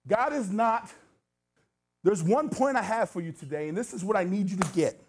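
An American man with a high-pitched, expressive, slightly rough voice preaches at a normal speed in a church sanctuary. He begins by casually telling his story, then grows earnest and presses his listeners with urgent exhortation.

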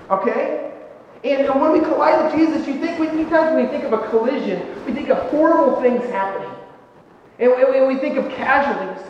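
Man preaching in an echoey church hall. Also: very high voice. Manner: conversational, animated, with many fillers and restarts. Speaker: pastor. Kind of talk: sermon storytelling. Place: church sanctuary. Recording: echoey church hall, dull sound, faint noise.

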